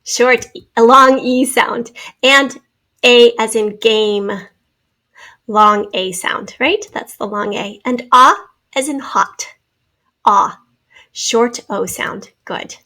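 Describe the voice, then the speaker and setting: A woman teacher giving a spelling and phonics lesson, sounding out words slowly and carefully. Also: on the high side, pushed and bright. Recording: recorded lesson video.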